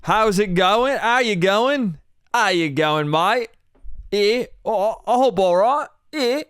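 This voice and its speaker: A man's voice: high-pitched, animated, slow pace, fairly bright tone, clean tone, no room sound, studio quality, voice pushed up, heavily acted. A man putting on a hammy fake Australian bloke. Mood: chirpy. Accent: put-on Australian. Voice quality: bad exaggerated accent.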